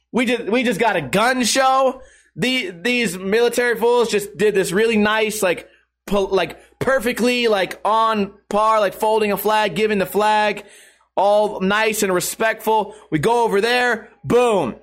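A man's voice: high-pitched, measured pace, a bit bright. A man hosting a podcast, telling a story in a casual, profane way and laughing often. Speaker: podcast host.

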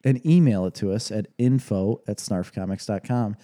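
Mellow-voiced man laughing easily. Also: fairly low pitch, moderate pace. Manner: laughs easily, explains patiently. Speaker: podcast co-host. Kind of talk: casual chat and plugs.

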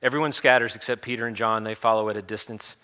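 A man preaching, retelling a story in an animated, conversational and humorous way. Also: lowish voice, quick pace. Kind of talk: storytelling sermon.

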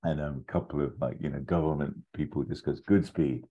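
A man's voice: extremely low pitch, steady tone, fast talker, breathy edge, dull audio. A man, a podcast co-host, telling a long made-up film plot in casual chat. He rambles, acts out quoted lines and laughs as he goes.

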